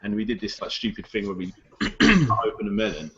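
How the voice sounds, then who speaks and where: A man's voice: fairly low pitch, sing-song, a little fast, bright, forceful tone. A man chatting in a laid-back, hesitant way on a live stream panel. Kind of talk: casual chat. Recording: dull lo-fi audio with faint hiss.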